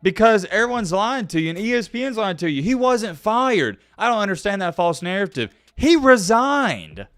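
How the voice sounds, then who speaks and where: A young man hosting a casual sports commentary vlog, animated and emphatic, punching key words out slowly. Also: high voice, smooth, no room sound, studio quality.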